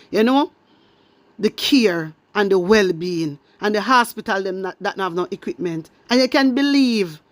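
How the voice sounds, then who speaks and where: Indignant Jamaican woman, high voice. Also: a bit bright, no room sound. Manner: indignant, emphatic, repeats herself, speaks in patois. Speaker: online commentator addressing her followers. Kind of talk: heated social-media rant.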